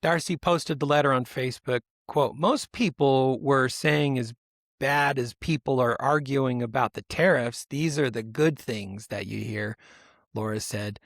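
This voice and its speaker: A man's voice: mid-range voice, measured pace, gravelly, fairly bright tone, dry recording. Dry-voiced man reading stories casually. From United States. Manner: rambling, self-interrupting, laughs while reading. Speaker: podcast host. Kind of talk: casual podcast chat, reading news stories.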